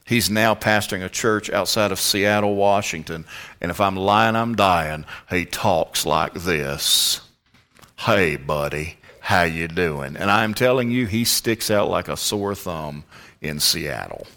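Southern American man, pastor, lowish register, folksy sermon delivery that quizzes the pews. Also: expressive, measured pace, bright, forceful tone. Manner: folksy and conversational, quizzing the congregation.

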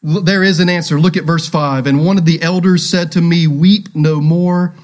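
A man's voice: on the high side, fairly even intonation, fairly quick. A male pastor preaching a sermon, asking rhetorical questions and repeating key phrases.

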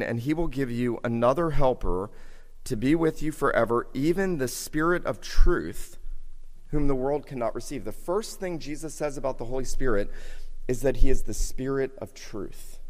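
A man preaching a sermon in a church, earnest and measured, repeating key phrases for emphasis. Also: medium pitch, a little mellow. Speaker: pastor. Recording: reverberant hall.

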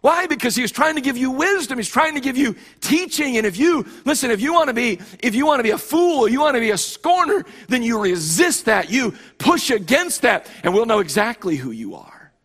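A man's voice: very high voice, very animated, a little fast, hardly any pauses, fairly bright tone. A male pastor preaching a sermon with emphatic delivery, often repeating and restarting phrases.

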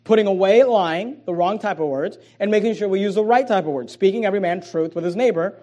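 A man, a pastor, preaching a sermon, swinging between soft low asides and loud emphatic lines, with frequent repeated words and restarts. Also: fast talker, highs cut off.

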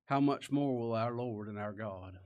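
A man preaching a sermon, swinging between quiet stresses and raised, impassioned emphasis. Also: medium pitch, moderate pace, lo-fi sound. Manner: impassioned, rising and falling emphasis. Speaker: pastor.

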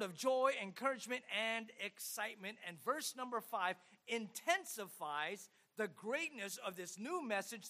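A man preaching a sermon, reading scripture in old-fashioned biblical phrasing and swinging from hushed asides to loud, emphatic proclaiming. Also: sits high.

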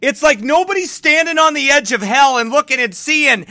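A middle-aged man, a pastor, ranting in fiery preaching style with shouted bursts and mocking asides. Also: very high voice, sing-song, brisk, hardly any pauses, no room sound, studio quality. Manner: fired-up, shouting bursts, mocking soft baby talk.

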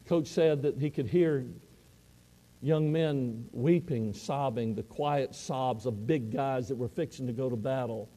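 A man's voice: mid-range voice, a little slow, big-room sound. A man preaching a sermon, telling a story with emphatic repetitions and restarts. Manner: emphatic, repetitive, dropping to hushed close.

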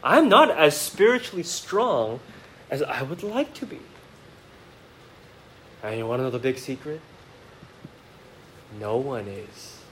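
A male pastor preaching a sermon to his congregation in a church. He talks to them directly with rhetorical questions and swings from quiet, reflective asides to emphatic outbursts. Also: medium pitch, big pitch swings, takes it slowly, long pauses, a little hiss or hum, low-quality recording. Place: church sanctuary.

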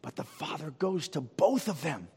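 A male pastor preaching a sermon to his congregation, dramatic and full of rhetorical questions, swinging from near-shouting to hushed. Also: fairly high pitch, very animated, normal speed, slightly rough. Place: church. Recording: long reverb of a church hall.

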